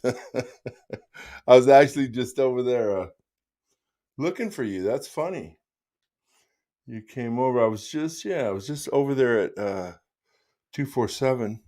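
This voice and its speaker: Hosting a live stream, a man with a mid-range, darkish voice chats casually and rambles in a friendly way. He often restarts his sentences and keeps calling the listener "dude."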